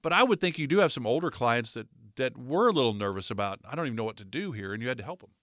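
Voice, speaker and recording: A man co-hosting a financial radio talk show, with a lively announcer-like delivery. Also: mid-range voice, rapid-fire, no echo, clean studio sound.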